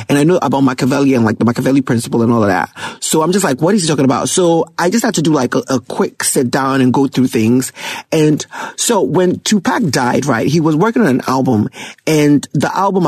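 Excitable man reacting to music. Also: on the high side, breathy edge, dry recording. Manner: excitable, laughs often, rapping lyrics aloud. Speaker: music reviewer. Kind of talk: casual music reaction commentary.

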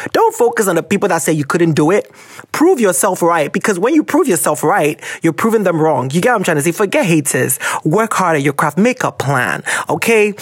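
A man's voice: no echo, clean studio sound. A man with a Ghanaian English accent hosting a podcast, talking casually and expressively, wandering off on tangents. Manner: expressive, jumps between tangents, big pitch swings. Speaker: podcast host. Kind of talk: animated casual monologue.

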